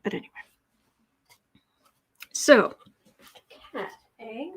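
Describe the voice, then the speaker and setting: Chatting loosely through a tarot livestream at home, a woman from the United States wanders between topics and makes asides to her cat. Her slightly high, husky voice has lively intonation and drawn-out words, captured by a stationary mic placed off to the side.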